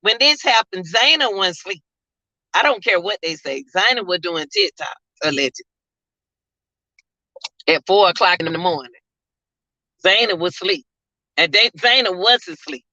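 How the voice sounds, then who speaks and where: A woman's voice: fairly low pitch, lively intonation, moderate pace, pauses often, bright, forceful tone, no room sound. A woman vlogger, chatting casually to her viewers about a case. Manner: chatty, addresses viewers as y'all. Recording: dull lo-fi sound.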